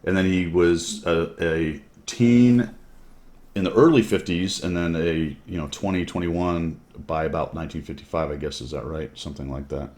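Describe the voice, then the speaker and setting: A man's voice: sits low, fairly even intonation, moderate pace, darkish tone. A middle-aged man hosting a streamed chat, talking in a rambling, self-correcting way. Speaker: streamer host. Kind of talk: casual chat.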